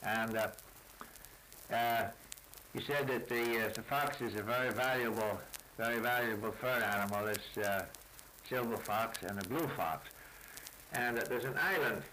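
A man's voice: mid-range voice, sharp tone. Man repeating native words, noisy old tape. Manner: halting, many fillers, repeats words back. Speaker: interviewer eliciting native words. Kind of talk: casual language elicitation.

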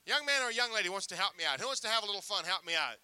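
A man doing sideshow magic patter on stage, teasing a volunteer with jokes. His voice sits high for a man and sounds very bright and forward. The sound is dry and close. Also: animated, racing, smooth, no room sound. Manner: joking, teasing showman banter.

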